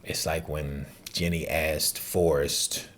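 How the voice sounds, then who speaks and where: A man's voice: very deep voice, flat delivery, slow pace, a little hiss or hum. A man talking casually and earnestly as a movie reaction host, rambling and calling the listener dude and man.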